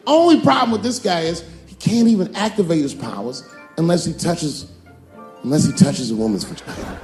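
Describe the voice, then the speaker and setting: A man doing a stand-up set, telling a long story in a fairly high voice. He keeps switching into shrill, acted voices for the people in it. Faint music plays underneath. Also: sing-song, fairly quick, darkish tone. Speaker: stand-up comedian.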